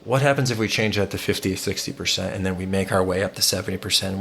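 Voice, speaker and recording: A man co-hosting a podcast, talking in an earnest, reflective way with fillers and pauses. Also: deep voice, gravelly, a bit bright. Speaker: podcast co-host. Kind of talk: conversational podcast talk. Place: home in the US Southwest.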